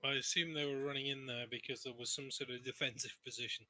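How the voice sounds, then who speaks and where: A man's voice: medium pitch, flat delivery, quick pace, bright, forceful tone, low-quality recording. A man playing a tabletop game, speaking hesitantly with fillers, a bit away from the mic. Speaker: player. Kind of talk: casual table talk.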